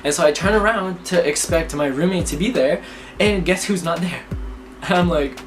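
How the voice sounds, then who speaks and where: A young man telling spooky personal stories to camera in a lively, chatty way. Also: fairly high pitch, moderate pace. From Canada. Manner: lively, chatty, acts out his reactions, laughs often. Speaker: vlogger. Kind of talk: casual storytelling to camera. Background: background music.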